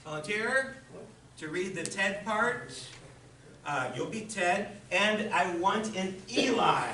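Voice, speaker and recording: Brief: bright, eager man lecturing, distant mic in an echoey room. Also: high voice, animated, takes it slowly, slight background noise. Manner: chatty, enthusiastic, with restarts and fillers. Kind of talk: lecture on literature.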